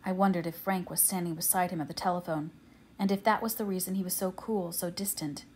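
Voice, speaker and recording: A woman narrating an audiobook in a measured, quiet, steady way. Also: on the low side, a little hiss or hum. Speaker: audiobook reader.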